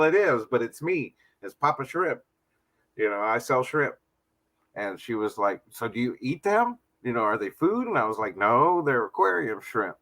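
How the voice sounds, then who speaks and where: A man hosting a casual livestream in a bright, clear voice. He tells stories about his shrimp business and laughs often along the way. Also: medium pitch. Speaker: livestream host, shrimp seller.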